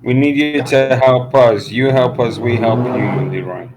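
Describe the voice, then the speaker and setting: A man's voice: mid-range voice, unhurried, over music, poor audio. A man speaking in character as a player in a tabletop game, polite and formal in tone. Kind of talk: in-character role-play.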